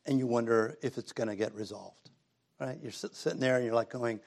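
A man's voice: mid-range voice, a little fast, creaky, a little mellow. Middle-aged guy preaching a sermon, talks like he's chatting with folks, gets emphatic when he leans in. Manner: conversational preaching, rising to emphatic passages. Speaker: pastor. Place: church sanctuary.

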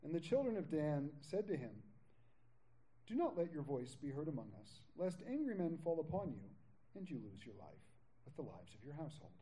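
A man's voice: on the high side, normal speed, slight background noise, low-quality recording. A man teaching verse by verse through a Bible passage, reading scripture aloud and breaking in with casual jokes and asides. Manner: animated, jokey asides and casual paraphrase between readings. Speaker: pastor teaching a Bible study. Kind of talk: conversational verse-by-verse sermon.

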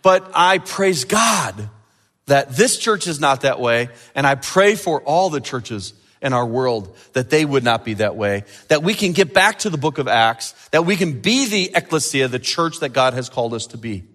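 A man preaching a sermon as pastor, animated and building to emphatic peaks. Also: medium pitch, moderate pace, few pauses, in a large hall.

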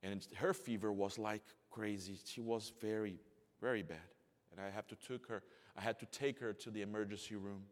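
A pastor in his forties preaching a sermon. He swings from hushed, almost whispered storytelling to loud, rising emphasis, and his English phrasing is slightly non-native. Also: lowish voice, fairly even intonation, moderate pace. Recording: long hall reverb.

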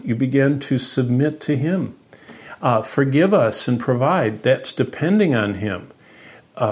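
A pastor delivers a sermon at a slightly slow pace. He teaches earnestly, his voice rising and falling in pitch and volume with lively energy.

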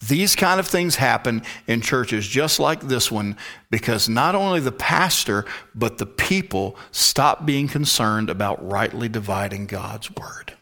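A male pastor preaching an expository sermon, emphatic, sometimes dropping to a hushed whisper for stress. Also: mid-range voice, expressive, measured pace.

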